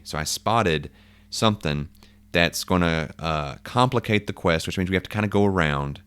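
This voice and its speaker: A man with a very low voice talks through his solo tabletop game. He muses aloud, stopping to rethink and correct himself as he checks rules and rolls. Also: normal speed, fairly bright tone, clear, resonant tone. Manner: thinking aloud, musing and self-correcting.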